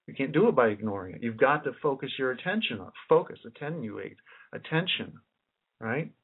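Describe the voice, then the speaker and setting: A man's voice: medium pitch, animated, brisk, husky. A man giving a rambling lecture as a researcher, musing aloud and often repeating and restarting his phrases. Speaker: independent researcher giving a presentation. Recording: tinny lo-fi recording.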